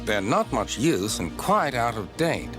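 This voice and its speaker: A man's voice: mid-range voice, big pitch swings, unhurried. A man voicing a boastful male helicopter who talks smugly. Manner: smug, boastful. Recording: background music.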